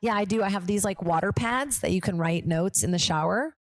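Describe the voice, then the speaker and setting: A woman's voice: mid-range voice, fairly quick, no room sound. A woman in her thirties hosting a comedy podcast, rambling along casually and slipping into quoted voices. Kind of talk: casual chat.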